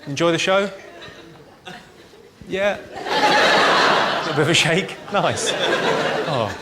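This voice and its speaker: A man performing a stand-up comedy set in deadpan one-liners, with clipped delivery. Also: a little high, drawn-out words. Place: large venue with live audience. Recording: live show with loud crowd laughter and noise.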